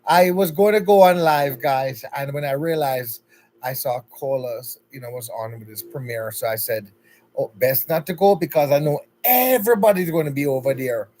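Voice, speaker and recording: A man's voice: mid-range voice, moderate pace, a little mellow, rough recording. A man with a Jamaican accent hosting a casual livestream, chatty and upbeat, greeting viewers one by one by name. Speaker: livestream host.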